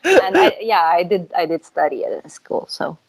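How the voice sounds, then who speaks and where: A young woman from Romania, a photographer talking as a guest in a relaxed, chatty way, with fillers and easy laughs. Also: on the low side, moderate pace, vocal fry, rough recording. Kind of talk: casual interview chat.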